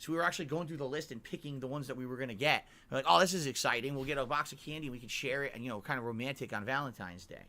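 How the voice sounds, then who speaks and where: A man's voice: medium pitch, very fast, few pauses, pushed and bright. A middle-aged man from Connecticut telling a long-winded, emphatic vlog story and checking in with the listener. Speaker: vlogger. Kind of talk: rambling vlog monologue.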